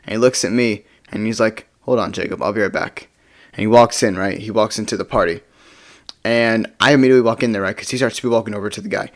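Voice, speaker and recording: A man's voice: lowish voice, fairly even intonation, fast talker. A young man telling a casual storytime, rambling and tagging sentences with "right?". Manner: rambling, tags lines with "right?".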